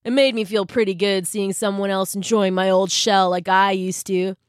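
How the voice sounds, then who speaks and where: A woman's voice: mid-range voice, steady tone, normal speed, clean tone, no room sound, clean studio sound, close to an everyday voice. Woman doing a laid-back surfer-dude hermit crab. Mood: mellow. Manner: easygoing, drawling surfer slang. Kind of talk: storybook reading.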